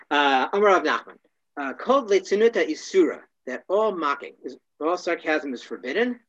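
A man teaching a casual class, wry and joking, often clearing his throat. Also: on the high side, expressive, moderate pace, fairly bright tone, highs cut off.

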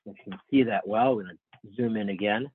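A man's voice: lowish voice, a little fast, slightly rough, no echo. A man leading an online study class, patiently explaining texts to his students by name, stopping and restarting his sentences as he thinks. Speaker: class teacher. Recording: narrow phone-like sound, dry.

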